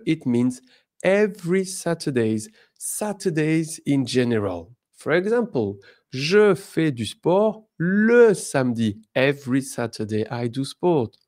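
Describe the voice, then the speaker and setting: Upbeat and supportive, a man from France gives an online lesson in his French accent, his voice medium in pitch and a little mellow. He says each example slowly and with care.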